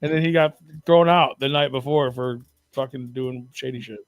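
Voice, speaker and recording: A man's voice: mid-range voice, fairly even intonation, normal speed, no room sound. Dry-sounding laid-back male host. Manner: laid-back, profane, enthusiastic. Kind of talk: casual chat.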